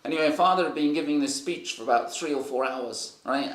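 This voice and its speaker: A man's voice: on the high side, brisk, hardly any pauses, a bit bright, roomy sound. A man preaching a sermon and telling stories in a loose, rambling way with many fillers and restarts. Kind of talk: sermon with storytelling.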